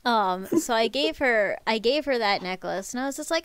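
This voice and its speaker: A woman hosting a live stream, chatting casually and telling stories in an animated way. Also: fairly high pitch, normal speed, few pauses, smooth. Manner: animated, chatty storytelling with laughs. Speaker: streamer host.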